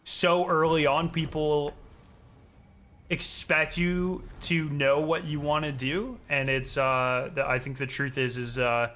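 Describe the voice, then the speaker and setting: This Southern US livestreamer talks slowly in a steady tone, his crisp, bright voice pitched slightly high for a man. He addresses viewers directly in rambling, profane, loose chatter.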